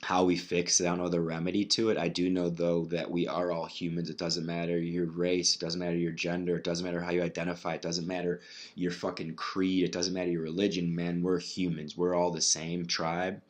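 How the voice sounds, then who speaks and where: Deep-voiced man, rambling and profane. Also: little pitch movement, fairly quick. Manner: rambling, profane, restarts often. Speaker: podcast host. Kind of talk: casual solo podcast monologue.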